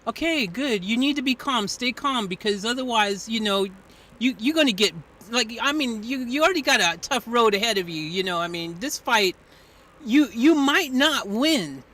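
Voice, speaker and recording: With a bright, forceful tone and lively intonation, a man hosting a live stream chats casually at a normal speed. His very high voice rambles through fillers and restarts against background hiss.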